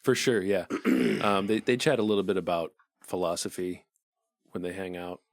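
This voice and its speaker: A man co-hosting a movie podcast, easygoing and agreeable in casual chat, and quick to laugh. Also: low voice, no echo, studio quality. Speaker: podcast co-host.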